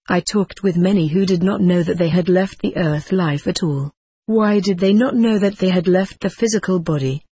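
Husky woman narrating an old book. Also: on the low side, darkish tone, no echo. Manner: measured, formal reading. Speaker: audiobook narrator. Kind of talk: scripted narration.

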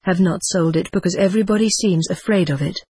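A woman's voice: fairly low pitch, fast talker, mellow, breathy edge. A woman reading the part of an evasive male spirit, a dead stock seller, in a brusque, guarded way.

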